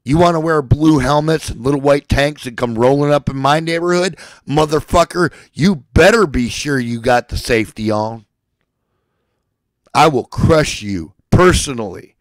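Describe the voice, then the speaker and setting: A man delivering a furious, profane rant, shouting at times and at others dropping to a low seething threat. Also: no echo, low-quality recording. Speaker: ranting speaker.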